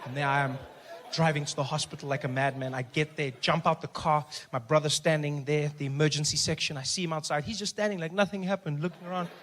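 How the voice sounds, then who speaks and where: Fast-talking South African comedian. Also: male voice, on the high side, a little hiss or hum. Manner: animated storytelling, loud outbursts. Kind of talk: stand-up comedy.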